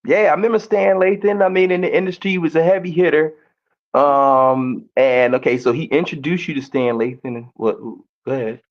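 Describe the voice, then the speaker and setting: Brief: male host hearing a case, stumbling and repeating, muffled lo-fi recording. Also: fairly high pitch. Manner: halting, repeats words and restarts. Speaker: host of a faith-based arbitration show.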